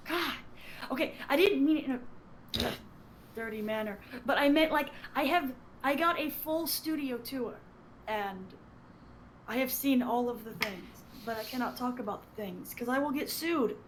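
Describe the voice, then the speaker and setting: A woman guest on a podcast, chatting casually in a playful, apologetic way with quick giggles. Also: high voice, expressive, slight background noise.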